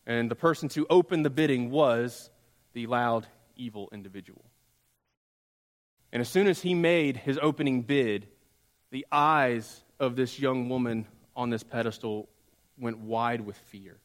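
Male pastor, sermon storytelling, pauses and hushed drops, long church reverb. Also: mid-range voice.

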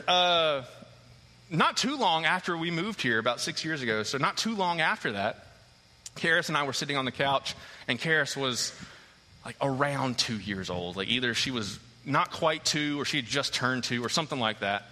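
Animated pastor man, bright sharp voice. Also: medium pitch, normal speed. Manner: animated storyteller who acts out scenes. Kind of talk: sermon with a personal story. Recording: long hall reverb.

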